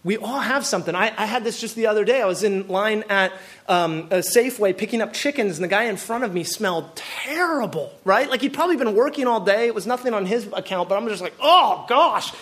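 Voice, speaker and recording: A pastor from the Pacific Northwest of the US, whose voice sits high, preaches a sermon quickly. He's animated and fills it with rhetorical questions.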